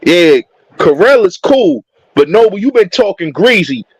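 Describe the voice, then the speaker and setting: A man's voice: high-pitched, very animated, unhurried, slightly rough, dry recording, rough recording. A man comes through a dry, close line on a live stream. He teases others crudely and brashly. His speech is loose and casual. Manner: brash, profane teasing. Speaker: caller. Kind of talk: casual chat.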